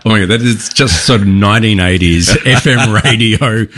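A man's voice: fairly low pitch, normal speed, a bit bright. A man hosting a casual interview, chatty and encouraging with his guest. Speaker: podcast host.

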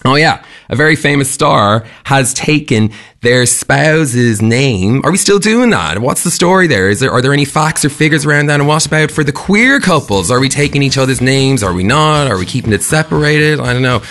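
A man's voice: mid-range voice, animated, moderate pace, fairly bright tone. A man hosting a breakfast radio show, chatting casually and telling a story with frequent laughs. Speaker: radio host. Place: radio studio.

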